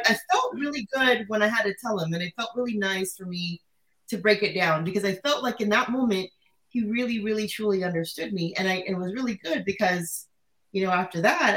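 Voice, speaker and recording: A woman's voice: medium pitch, rough recording. A woman in a casual chat, talking expressively and laughing often. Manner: expressive, laughing as she talks.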